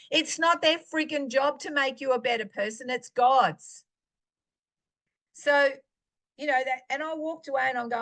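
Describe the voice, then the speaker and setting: A woman preaching in a fairly high voice. She tells stories from her own life and acts out the lines she and others said. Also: normal speed, fairly bright tone. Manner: storytelling, acting out her own dialogue. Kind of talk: personal teaching talk.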